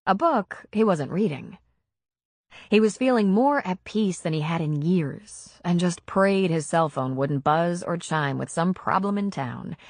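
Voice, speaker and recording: Slow, low-voiced woman narrating. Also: no echo. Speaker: audiobook narrator. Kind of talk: scripted audiobook narration.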